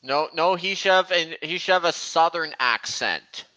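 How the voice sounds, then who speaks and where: A young man hosting a casual livestream, rambling and halting, with many fillers. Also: fairly high pitch, bright, forceful tone, low-quality recording. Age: young adult. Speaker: livestream host. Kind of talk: casual chat.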